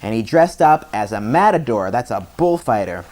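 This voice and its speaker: A man reading a bedtime story aloud, stopping in a chatty way to explain words and retell parts. His pitch rises and falls in a lively way. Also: normal speed.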